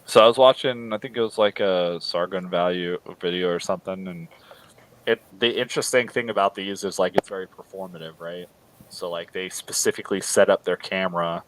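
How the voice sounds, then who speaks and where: A man's voice: low-pitched, fairly even intonation, a little fast, a little hiss or hum, poor audio. A man co-hosting a casual political livestream chat, rambling with frequent restarts and mocking impressions. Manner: rambling, many restarts and mocking quoted voices. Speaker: podcast co-host.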